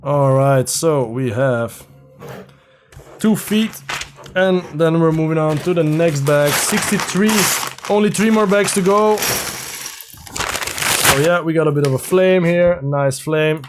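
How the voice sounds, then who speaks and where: A man's voice: fairly high pitch, takes it slowly, long pauses, background noise. Casual man chatting through a build. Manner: relaxed, thinking aloud while building. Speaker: livestream host. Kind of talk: casual live-build chat. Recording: faint music behind.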